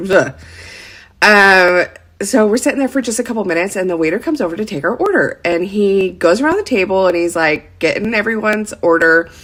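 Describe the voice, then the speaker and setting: A woman's voice: on the low side, fairly bright tone. A woman in her thirties telling a personal story in a casual vlog, chatty and full of "like" fillers. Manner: chatty, heavy use of "like" fillers. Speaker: lifestyle vlogger.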